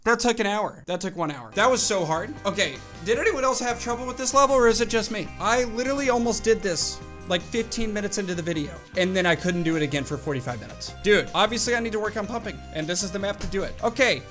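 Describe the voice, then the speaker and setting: A man's voice: high-pitched, fast talker, few pauses, a bit bright, poor audio. A young man hosting a gaming channel, talking to himself through his gameplay in casual commentary, swinging between groans and cheers. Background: game music.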